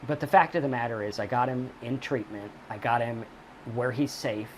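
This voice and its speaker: A man's voice: mid-range voice, moderate pace, a little hiss or hum. A man hosting a recovery channel, giving blunt advice straight to camera, swearing freely and hammering the same points again and again. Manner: blunt, profane, emphatic, repeats key points. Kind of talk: direct-to-camera advice monologue.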